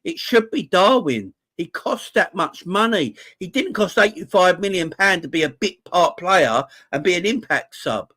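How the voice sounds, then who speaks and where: A man's voice: high voice, expressive, moderate pace, hardly any pauses, pushed and bright. A man who has a wife and kids, hosting a live fan chat stream about football, passionate and emotional, and often repeating himself. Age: adult, married with kids. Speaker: fan channel host.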